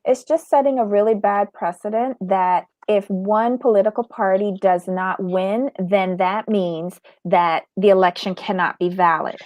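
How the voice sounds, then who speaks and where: Measured woman panelist, dry sound. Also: medium pitch, no room sound, highs cut off. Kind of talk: casual commentary chat.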